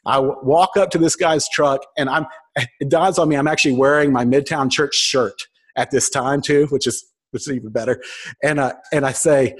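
A man's voice: medium pitch, normal speed, husky. A man in his thirties giving a sermon, telling a personal story with humor and acting out the voices of people in it. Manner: storytelling, acts out quoted voices, self-mocking. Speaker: pastor.

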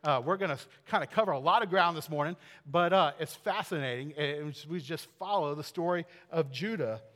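A male pastor preaching in a casual, animated storytelling way, full of fillers and asides. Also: fairly high pitch, big-room sound. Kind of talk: sermon.

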